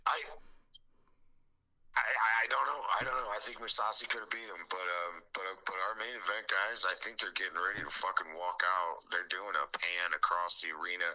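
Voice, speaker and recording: A man's voice: deep voice, fairly even intonation, a little fast, pushed and bright, poor audio. A man co-hosting a fight stream, swearing freely and repeating himself as he argues his opinions. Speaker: co-host of a fight watch-along stream. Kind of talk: casual live stream chat.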